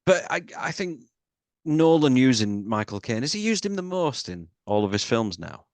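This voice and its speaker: A man's voice: medium pitch, big pitch swings, normal speed, no room sound. A man co-hosting a film podcast in casual chat, rambling and swearing casually while acting out quotes. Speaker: podcast co-host.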